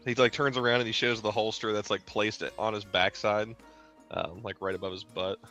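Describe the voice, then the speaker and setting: A man playing in a tabletop role-playing game, speaking plainly and relaxed. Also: fairly low pitch, brisk, faint music behind. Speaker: player.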